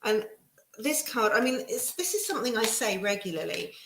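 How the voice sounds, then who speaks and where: A woman giving a casual live tarot reading, reassuring and chatty with many pauses and restarts. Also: fairly high pitch, animated, a bit bright. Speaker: tarot reader. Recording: echoey room.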